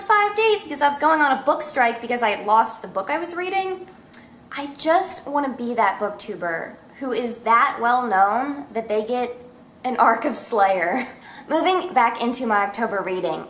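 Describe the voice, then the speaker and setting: A woman's voice: on the high side, fairly bright tone, slight background noise. Bubbly young woman in an echoey room. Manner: bubbly, chatty, self-mocking asides. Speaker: book vlogger. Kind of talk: casual book review chat. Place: home room with a cat.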